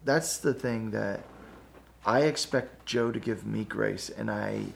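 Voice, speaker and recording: Gravelly man telling a candid story. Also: on the low side, takes it slowly, slight background noise. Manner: candid, self-deprecating storyteller with many fillers. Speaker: pastor. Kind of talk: casual conversation.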